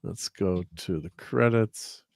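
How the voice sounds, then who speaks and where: Stream host, male, low voice, dry close sound, loose rambling delivery full of fillers. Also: slow pace, vocal fry, darkish tone, no echo. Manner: rambling, chuckling, filler-heavy while fiddling with slides. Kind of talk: casual chat on a livestream.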